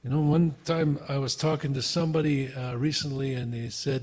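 A man's voice: medium pitch, fairly even intonation, fairly quick, darkish tone. A man preaching a sermon with earnest, repeated rhetorical questions, in a church hall. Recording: long reverb of a hall.

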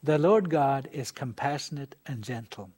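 A man hosting a Christian program, speaking softly and pastorally straight to the viewer. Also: mid-range voice, lively intonation, moderate pace. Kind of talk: gentle sermon-like address to viewers.

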